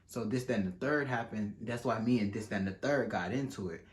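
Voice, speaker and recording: A young man telling a casual, animated storytime, acting out quotes and using slang. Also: fairly low pitch, fairly quick.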